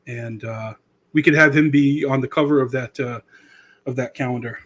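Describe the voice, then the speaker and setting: A man's voice: mid-range voice, moderate pace, fairly bright tone. A man in his thirties hosting a podcast, rambling in casual political commentary with a sarcastic edge. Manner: rambling, sarcastic, does mocking impressions. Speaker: podcast host.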